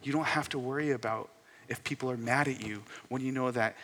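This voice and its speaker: A pastor in his thirties preaching a sermon, earnest, rising to loud emphasis and dropping to soft near-whispers. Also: medium pitch, fairly even intonation, brisk. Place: church sanctuary. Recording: long hall reverb.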